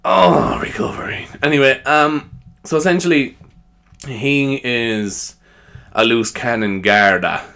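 A man's voice: mid-range voice, fairly even intonation, slow pace, pauses often, sharp tone, clean tone. A tired man with an Irish accent, hosting a comedy podcast in a rambling, chatty way, often tagging "you know" and laughing at himself. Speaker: podcast host.

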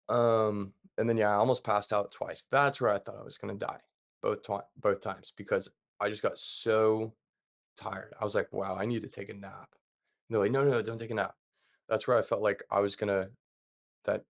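A young adult man talks as a podcast guest, his low voice gravelly with vocal fry. He keeps an even, flat delivery and tells events plainly, leaning on fillers as he goes. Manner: calm, plain retelling with many fillers. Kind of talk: casual storytelling.

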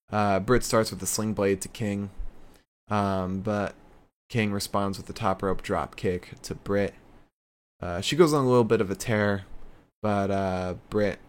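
Chatty low-voiced man recapping. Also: clear, resonant tone. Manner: loose and chatty, with many fillers. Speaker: wrestling show recapper. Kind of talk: casual video recap.

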